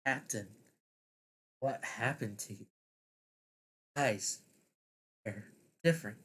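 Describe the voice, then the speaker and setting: A man voicing a worried, gentle male angel in an audio story, speaking softly and pleadingly. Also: medium pitch, slow, slightly rough. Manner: soft, pleading.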